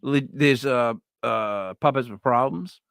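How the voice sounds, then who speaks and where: A man's voice: mid-range voice, unhurried, vocal fry, clean tone, dry recording. Rambling man host, dry close sound. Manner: rambling storyteller with many restarts, bursts into loud yells. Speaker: livestream host. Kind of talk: casual chat on a live stream.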